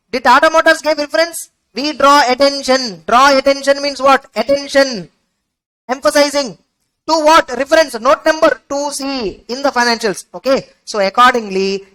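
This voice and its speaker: A woman's voice: sits high, fairly bright tone, low-quality recording. A woman tutor, giving a revision lecture and firing rhetorical questions she answers herself. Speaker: accounting exam tutor.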